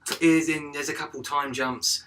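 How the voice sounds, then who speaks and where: A man's voice: a little high, steady tone, moderate pace, recorded from a distance, loud music behind the voice. A man co-hosting a podcast in casual chat, laid-back and joking, swearing freely. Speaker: podcast co-host.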